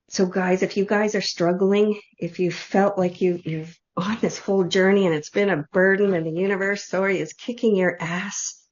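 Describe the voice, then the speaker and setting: A woman leading an online group reading, speaking softly and heartfelt in loose, run-on phrases. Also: fairly low pitch. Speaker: intuitive reader leading an online group session. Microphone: video call. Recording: dull lo-fi video call audio.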